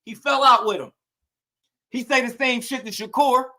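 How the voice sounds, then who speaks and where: A man with a high, bright voice rants through casual boxing commentary at a moderate pace. He uses loose slang, swears freely, and throws out rhetorical question after rhetorical question. His tone stays heated and combative the whole way through.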